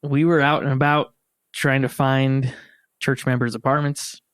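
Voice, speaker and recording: An American man casually telling a story to his siblings on a podcast, lively and laughing as he acts out quotes. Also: mid-range voice, measured pace, clear, resonant tone, no echo, clean studio sound. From United States.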